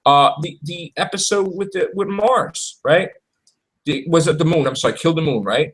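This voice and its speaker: A man talking in an animated, exclaiming way in a casual fan chat, acting out quotes as he goes. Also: fairly high pitch, moderate pace, poor audio.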